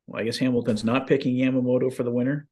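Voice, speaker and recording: A man's voice: mid-range voice, level tone, rapid-fire, a little mellow. A man co-hosting a fan watch stream, casually reading out viewers' picks and chatting about the game.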